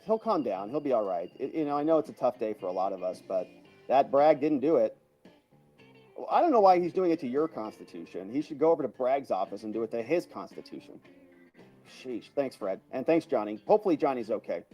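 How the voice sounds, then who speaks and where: Animated man reading out live chat. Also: medium pitch, fairly quick, soft background music. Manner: chatty, thanks viewers by name, chuckles often. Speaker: livestream host. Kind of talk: casual livestream, reading viewer comments aloud.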